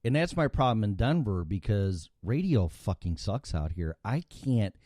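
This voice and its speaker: Chicago-accented man, low and lively. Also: unhurried, dry recording, clean studio sound. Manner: blunt, swears freely, lively storytelling. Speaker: radio show host. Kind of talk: casual chat.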